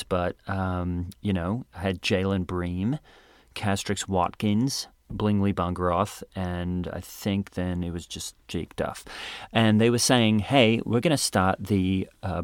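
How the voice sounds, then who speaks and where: Low-voiced guy, earnest churchy podcast host, upbeat chat, dry close mic. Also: dry recording. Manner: earnest, chatty, falsely upbeat. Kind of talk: improvised comedy as a church host.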